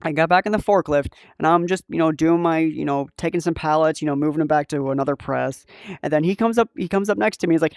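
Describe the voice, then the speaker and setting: A man's voice: on the high side, fast, darkish tone, no room sound, studio quality, soft background music. A young man hosting a podcast, telling stories in casual chat, laughing often and swearing. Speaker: podcast host.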